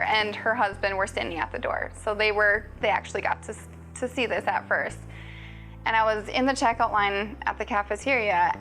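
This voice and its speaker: A woman's voice: a little high, gravelly, fairly bright tone, rough recording. A woman respiratory therapist telling stories from her work with enthusiasm and emotion in an interview. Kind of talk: interview storytelling.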